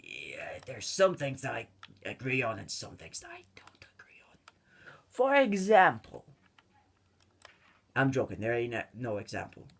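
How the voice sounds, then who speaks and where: A young man talks over his game, drifting from one tangent to the next with plenty of ums and uhs. His pitch sits mid-range but swings in a lively way. The delivery is casual and unscripted. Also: moderate pace, gravelly, husky. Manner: rambling and tangent-prone, with many fillers. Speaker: gaming channel host. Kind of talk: rambling let's-play commentary.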